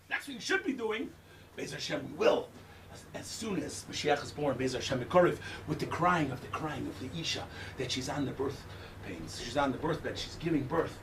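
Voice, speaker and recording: An older man giving an impassioned Tisha B'Av lecture in a synagogue, shouting at its peaks and using Hebrew terms with a Yiddish-style pronunciation. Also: on the high side, big pitch swings, brisk, roomy sound. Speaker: guest speaker. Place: synagogue hall. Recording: distant room mic with faint noise.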